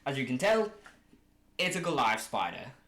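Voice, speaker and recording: A man's voice: mid-range voice, sing-song, moderate pace, fairly bright tone. Rambling jokey man in an echoey room. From Oceania. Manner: rambling, jokey, self-correcting. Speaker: vlogger pitching a fan creature idea. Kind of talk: casual rambling chat to camera. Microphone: camera mic. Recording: echoey room with faint hiss.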